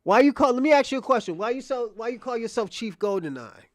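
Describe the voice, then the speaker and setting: A man's voice: very high voice, lively intonation, fast talker, dry recording, studio quality. A man hosting a livestream, ranting to his chat in a mocking, provocative way, cursing and repeating himself. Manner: profane, repetitive, restarts phrases. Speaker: livestream host.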